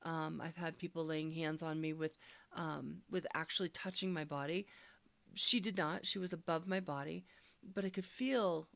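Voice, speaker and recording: Low-voiced woman telling a heartfelt testimony. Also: moderate pace, vocal fry, no room sound. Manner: earnest, searching, soft-spoken storytelling. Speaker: speaker sharing a personal healing testimony. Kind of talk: reflective personal testimony.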